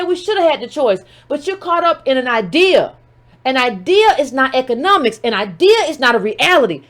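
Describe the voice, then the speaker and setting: A woman's voice: high voice, a bit bright. A woman giving livestream political commentary, emphatic and firing rhetorical questions while speaking straight to her audience.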